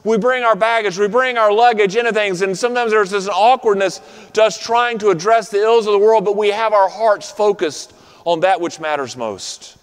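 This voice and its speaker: High-voiced man preaching in a reverberant hall. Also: clear, resonant tone. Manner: preaching cadence, rhythmic repetition, slowing on key phrases. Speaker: pastor. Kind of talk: sermon. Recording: long reverb of a large room.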